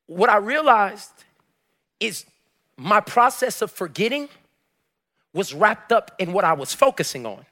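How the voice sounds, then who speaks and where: A man preaching as pastor, telling a personal story and building to shouted exhortation. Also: extremely high pitch, expressive, normal speed, long pauses. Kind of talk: sermon.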